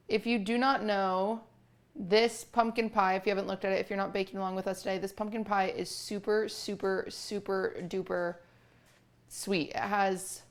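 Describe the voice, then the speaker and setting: A young woman in the middle of a casual live stream, chatting to viewers and breaking off to coo at her cat. Her voice sits at an ordinary middle pitch with a good amount of fry running through it. She sounds relaxed and talkative, as if at home in her kitchen.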